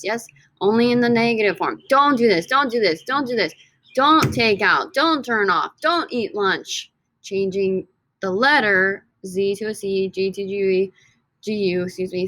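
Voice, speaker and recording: A woman's voice: medium pitch, bright, forceful tone. A woman teaching a recorded Spanish lesson in English, upbeat and chatty, repeating key phrases and addressing students as guys.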